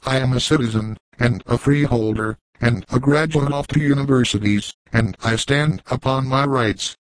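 A pompous male naturalist doctor blusters in long, wordy speeches, as a man reading the story puts him on. The voice sits at a middle pitch. The sound is dry and close. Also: moderate pace, no room sound, lightly acted, rough recording. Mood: blustering.

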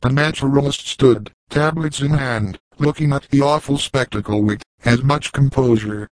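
A man narrating a classic novel in a measured, even reading. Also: mid-range voice, no room sound, low-quality recording. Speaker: audiobook narrator.

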